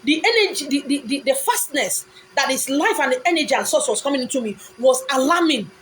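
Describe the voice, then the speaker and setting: A woman's voice: high voice, lively intonation, brisk, fairly bright tone, slight background noise, low-quality recording. A Nigerian woman telling a personal story on a live video, dramatic and repetitive, at times blunt and scolding. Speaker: live-stream host.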